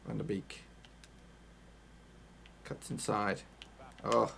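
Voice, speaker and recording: A man commentating his own football video game live, excitable and casual, swearing and talking to his viewers. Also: on the low side, drawn-out words, vocal fry, slight background noise. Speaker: gaming YouTuber.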